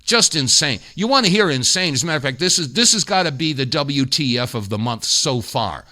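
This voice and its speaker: A man's voice: mid-range voice, expressive, brisk, pushed and bright. A man hosting a talk radio show, delivering indignant, emphatic commentary full of rhetorical questions. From United States.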